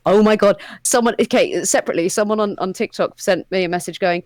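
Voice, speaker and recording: A woman's voice: medium pitch, fairly quick, no echo. A woman with a British RP accent, a guest voice actor chatting casually and rambling off on tangents during a livestream.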